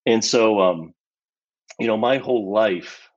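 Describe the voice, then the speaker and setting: A man being interviewed as a guest, telling a personal story in an animated way with lots of casual fillers. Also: on the low side, slow, lo-fi sound.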